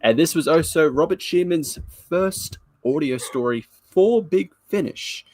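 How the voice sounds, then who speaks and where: A man's voice: on the high side, expressive, a little slow, a little mellow, no echo. A man co-hosting a live review podcast, chatting casually with jokes, frequent laughs and loose, rambling sentences. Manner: jokey, laughs often, rambling. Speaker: podcast co-host.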